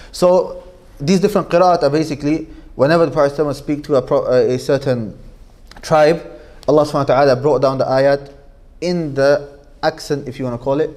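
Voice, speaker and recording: A man's voice: a little high, darkish tone. Manchester guy teaching a class, chatty, says things twice, keeps asking the room "okay?". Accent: Manchester English. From Manchester, England. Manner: conversational, repeats points, checks in with the class. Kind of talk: informal classroom lesson.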